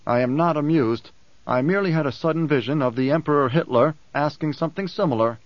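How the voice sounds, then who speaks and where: A male audiobook reader voicing a grave, weary male emperor who speaks calmly with dry irony. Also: on the high side, dry recording, lo-fi sound, lightly acted. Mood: grave, ironic. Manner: calm, measured, dry irony. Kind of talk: audiobook character voice.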